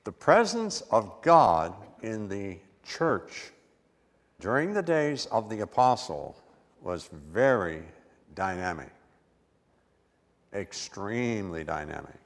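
A man's voice: lowish voice, big pitch swings, slow, big-room sound. A man preaching a sermon with emphatic stress and repeated words.

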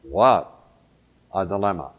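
A man's voice: sits low, animated, slow, breathy edge, dull audio. A male pastor preaching a sermon, emphatic, drawing out key words.

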